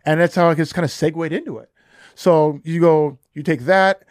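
A man's voice: fairly high pitch, moderate pace, dry recording, clean studio sound. A man in his fifties, a podcast guest telling stories casually and animatedly, acting out other people's lines. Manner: animated, acts out dialogue in shifting voices. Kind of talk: casual storytelling.

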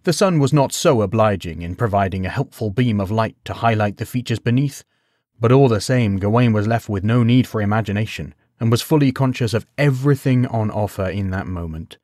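A man narrating a bedtime story in a measured, unhurried way. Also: fairly low pitch, a little mellow, no room sound, studio quality.

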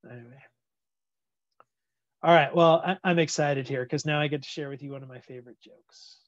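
A man's voice: a little high, steady tone, normal speed, no echo, highs cut off. A man teaching a physics class over a video call, chatty and laid-back, with lots of fillers. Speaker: physics instructor. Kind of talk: casual online lecture.

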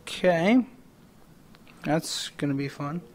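A man's voice: a little high, lively intonation, slow pace. A man co-hosting a casual wrestling talk show, laid-back and teasing, laughing often. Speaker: podcast co-host.

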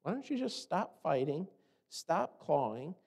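High-voiced American preacher in a reverberant church. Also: male voice, measured pace, creaky, breathy edge. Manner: animated preaching, mocking voices for complainers. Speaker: pastor. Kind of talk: sermon. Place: church sanctuary.

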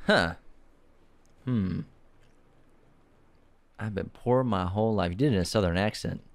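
A man co-hosting a movie podcast, chatting casually and teasing his co-host, with quick bursts of laughter. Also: fairly low pitch, vocal fry. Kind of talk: casual chat and ad reads.

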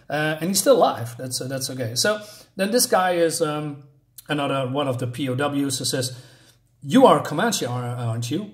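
A man casually walking through a comic book's story, hesitant and full of fillers and self-corrections, chatty and laughing at himself. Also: mid-range voice. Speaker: comic book reviewer. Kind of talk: casual comic book walkthrough.

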